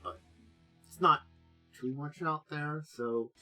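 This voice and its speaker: A man's voice: a little high, takes it slowly, sharp tone, faint music behind. A man hosting a casual talk show about tabletop games, rambling with many fillers and trailing asides.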